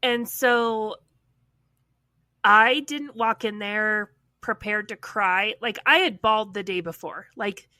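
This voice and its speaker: A woman with a bright, forceful voice speaks frankly in a casual podcast conversation. She is recorded close and dry, with no room sound at all. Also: medium pitch, takes it slowly, no room sound. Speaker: podcast co-host.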